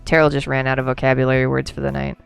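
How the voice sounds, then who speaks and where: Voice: mid-range voice, completely flat delivery, racing, creaky, faint music behind. A game streamer chatting casually through a livestream, rambling, laughing and answering chat, a few drinks in.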